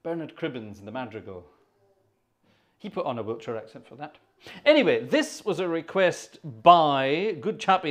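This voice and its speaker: A man's voice: on the high side, lively intonation, moderate pace. A man hosting a live organ stream, chatting casually and muttering asides to himself between pieces.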